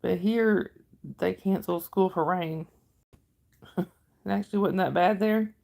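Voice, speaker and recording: She's a livestream host, middle-aged and from northern Georgia, drawling in a Southern accent as she chats casually and answers viewer comments in a rambling, friendly style. Her voice sits on the low side, gravelly and darkish, and she never hurries.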